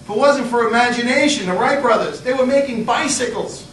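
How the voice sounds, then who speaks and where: A middle-aged man giving a humorous motivational speech, an animated storyteller acting out scenes. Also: brisk. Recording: echoey hall, mic far off, low rumble.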